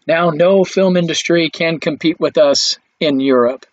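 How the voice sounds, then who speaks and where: A man's voice: on the high side, unhurried, dry recording, lo-fi sound, close to an everyday voice. A man voicing a cocky, self-satisfied Hollywood studio in an offhand, boastful tone.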